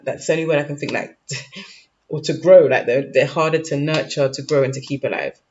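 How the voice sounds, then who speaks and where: A man's voice: fairly high pitch, a little fast, a little mellow. A man giving a casual tarot reading to camera, informal and slangy, often checking in with "okay?". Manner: informal, peppered with "okay?" and "like", loose slangy phrasing. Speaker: tarot reader. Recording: dull lo-fi recording with faint noise.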